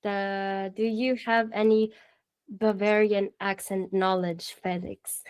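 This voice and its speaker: Female radio host; relaxed slow delivery, bright upbeat manner. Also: mid-range voice, clean tone. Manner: cheerful, laughs often. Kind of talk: live radio talk show.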